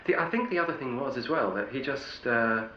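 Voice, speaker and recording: A man's voice: medium pitch, animated, brisk, bright, forceful tone, echoey room, dull audio, slight background noise. A middle-aged male actor telling wry anecdotes in an interview, often restarting his sentences. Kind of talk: interview storytelling.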